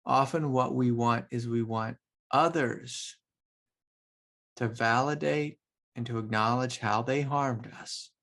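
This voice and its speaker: Gravelly-voiced man giving a spiritual talk. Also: medium pitch, slow. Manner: loose, reflective, full of "like" and soft laughs. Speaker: spiritual teacher.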